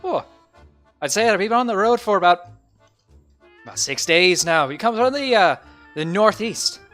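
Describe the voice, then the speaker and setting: A man voicing a chatty, fussy male halfling merchant who talks high and excitable with small stammers. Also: normal speed, soft background music.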